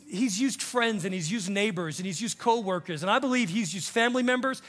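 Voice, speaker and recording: Bright-voiced man preaching in a reverberant church. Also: very high voice. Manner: impassioned preaching, swings from hushed to shouting; acts out quoted voices of others. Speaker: pastor. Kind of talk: sermon. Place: church sanctuary with a congregation.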